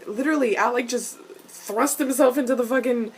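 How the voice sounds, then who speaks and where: A woman reacting to a TV episode in casual, excitable rants, swearing often and turning exasperated. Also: fairly high pitch, quick pace, slight background noise. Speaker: video reviewer.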